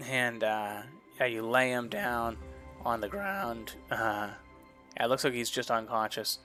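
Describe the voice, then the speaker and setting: Man, game master, relaxed narration, lots of fillers. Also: mid-range voice, measured pace, faint music behind. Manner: relaxed, loose, many fillers.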